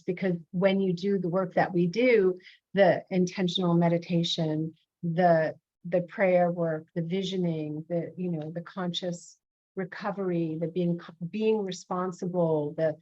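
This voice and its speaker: A reflective woman host speaks with a lowish voice, affirming her guest and sharing her own thoughts. The recording is dry and a little dull. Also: a little mellow, dry recording. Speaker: host, minister. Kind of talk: interview conversation.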